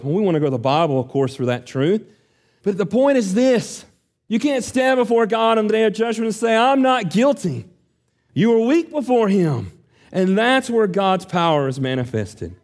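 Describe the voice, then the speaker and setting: A man's voice: high voice, a little mellow. A man preaching an earnest, emphatic sermon, acting out quoted prayers and questions.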